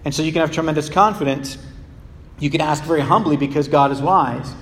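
A man preaching a sermon to a congregation, animated and emphatic, and given to humorous asides. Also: on the high side, fairly quick. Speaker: pastor. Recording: long reverb of a large hall.

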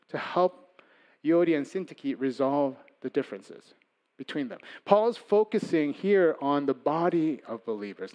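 A man preaching a sermon as pastor, conversational, moving between loud emphasis and soft asides. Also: fairly high pitch, dull audio.

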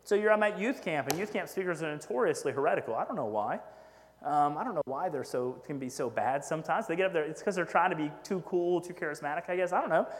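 A man's voice: fairly high pitch, fast, slight background noise. A man preaching a sermon in a conversational way, with frequent "right?" asides and self-deprecating humor. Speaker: pastor. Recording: echoey hall with long reverb.

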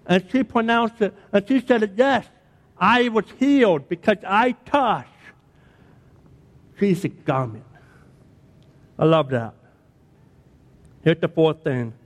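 A man preaching a sermon as a pastor, dramatic and emphatic, repeating key words for effect. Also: a little high. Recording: long hall reverb.

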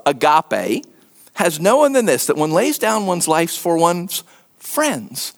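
A man preaching a sermon in an earnest, emphatic way, sometimes dropping to a hushed voice and repeating words for stress. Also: sits high. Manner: repeats words and restarts when stressing a point. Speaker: pastor.

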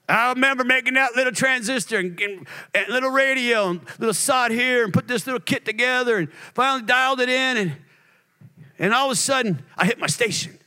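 A male pastor preaching a sermon, moving between hushed near-whispers and loud, shouted passages. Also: high voice, lively intonation, fairly quick.

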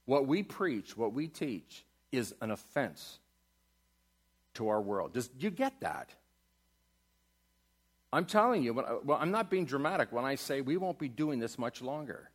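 A man preaching a sermon in a church, asking his congregation questions and building to loud climaxes. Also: medium pitch, big pitch swings, a little slow, pauses often, slightly rough. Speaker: pastor. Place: church sanctuary.

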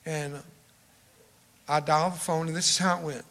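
A man's voice: fairly high pitch, normal speed. A man, telling a humorous folksy story and acting out the dialogue. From Texas. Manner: animated, acts out dialogue. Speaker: storyteller speaker. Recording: long hall reverb.

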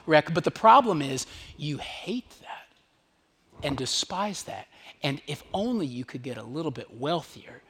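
A man, a pastor, preaching a sermon to his church congregation in a conversational, emphatic way, sometimes dropping to a hush. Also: on the high side, very animated, a little slow, husky. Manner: conversational, emphatic, drops to hushed whispers on key lines.

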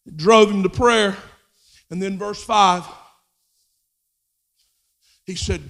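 A man preaching a sermon, moving between quiet, low talk and loud, shouted passages. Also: slow, pauses often. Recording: long hall reverb.

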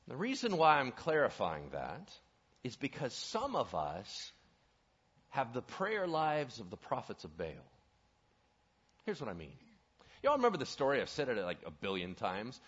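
A man's voice: medium pitch, a little slow, pauses often, slightly rough. A male pastor preaching a sermon, asking the congregation questions as he goes. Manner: animated, asks the audience questions. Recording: dull lo-fi recording.

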